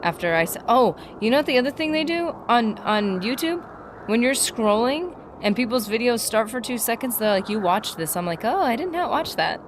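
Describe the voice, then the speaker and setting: A woman's voice: fairly high pitch, animated, moderate pace, slight background noise. Bubbly woman streamer chatting with viewers. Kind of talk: casual livestream gaming chat.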